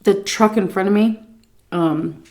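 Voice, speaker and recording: Animated woman telling a drive-thru story. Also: mid-range voice, unhurried. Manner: animated, mimics people in her story. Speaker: mukbang vlogger. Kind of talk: casual storytelling while eating.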